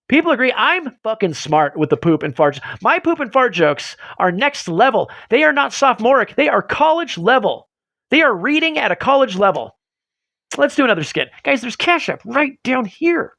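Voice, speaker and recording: A man's voice: extremely high pitch, a bit bright, no echo. A man hosting a casual livestream, rambling goofily and mocking himself, his voice getting strained. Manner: goofy, rambling and self-mocking. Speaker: livestream host.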